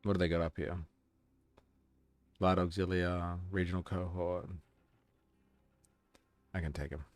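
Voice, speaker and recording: A man's voice: low-pitched, level tone, measured pace, dry recording. A man chatting casually on a live stream while gaming, reacting to chat and swearing offhandedly.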